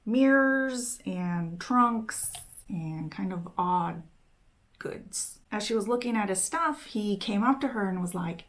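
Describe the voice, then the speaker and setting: A young woman retells a story in a relaxed, chatty way and keeps slipping in "she's like" to report the dialogue. She speaks slowly, and a little vocal fry runs through her voice. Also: mid-range voice. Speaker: book summarizing nail vlogger. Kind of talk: casual spoken story retelling.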